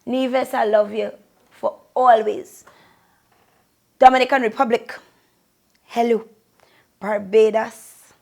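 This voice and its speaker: A young Trinidadian woman giving effusive, sing-song shout-outs to her viewers in a casual vlog. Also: on the high side, fairly even intonation, slow, vocal fry, long pauses. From Trinidad and Tobago. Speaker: vlogger.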